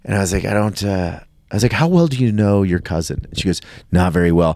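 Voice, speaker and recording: A lively-voiced man telling a story in casual chat, his pitch rising and falling as he acts out the other people in it. His voice sits a little low, and the room sounds dry and close. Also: quick pace, few pauses, dry recording. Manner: animated, acts out quoted voices. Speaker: guest comedian.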